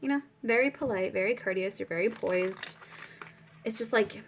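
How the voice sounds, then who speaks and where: This young woman's tarot reading is casual and spiritual, meandering and packed with fillers, with moments where she pauses to pray aloud. She has a medium-pitched voice at normal speed, with slight background noise.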